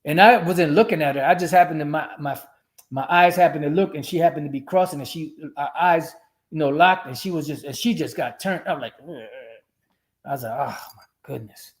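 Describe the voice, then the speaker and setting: Brief: man streaming a profane, rambling religious rant, fairly high-pitched voice. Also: fairly quick. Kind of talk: ranting religious commentary.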